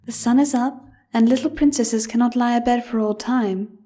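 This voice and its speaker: A woman voicing a gentle mare queen mother. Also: on the high side, steady tone, normal speed, voice pushed up, close to an everyday voice. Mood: tender. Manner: warm, soft, coaxing. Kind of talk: audiobook character voice.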